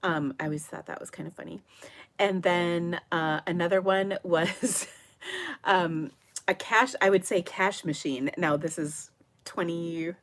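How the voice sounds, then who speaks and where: A woman's voice: fairly low pitch, unhurried, fairly bright tone. Giggly, chatty woman. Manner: giggly, chatty, rambling with many ums. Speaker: livestream host of a papercraft show. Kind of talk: casual live chat reading viewer comments.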